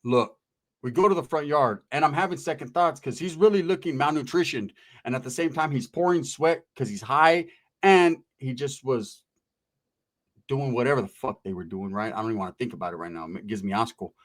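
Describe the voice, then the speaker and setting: A man telling a raunchy comic story in a profane, rambling, animated way. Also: mid-range voice, brisk. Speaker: comedian.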